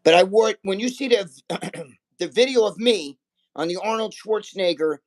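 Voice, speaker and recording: Older male guest, fairly high voice, animated and profane storyteller. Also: moderate pace, poor audio. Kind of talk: casual chat.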